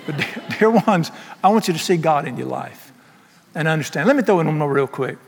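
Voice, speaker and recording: A middle-aged preacher, expressive and a little fast with vocal fry, delivers an emphatic, folksy sermon with humorous asides. His slightly high male voice rings with long reverb like a large church hall, over slight background noise.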